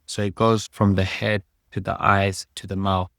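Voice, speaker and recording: A man with a British accent teaching a lesson on English writing, explaining in a measured way and reading passages aloud. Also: low-pitched, flat delivery, creaky, fairly bright tone, no echo, studio quality.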